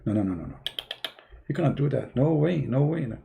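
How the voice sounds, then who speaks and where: A man's voice: medium pitch, expressive, brisk, vocal fry, warm tone. A man doing an emphatic overbearing father. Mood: refusing. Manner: emphatic, repeating no over and over. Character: overbearing middle-aged father, excitable then stern.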